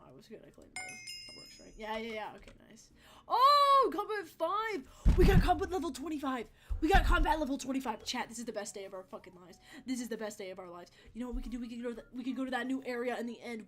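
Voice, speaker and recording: A young woman chatting casually on a game livestream, rambling, swearing freely and laughing often. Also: fairly high pitch. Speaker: game streamer. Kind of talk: casual livestream chat over gameplay.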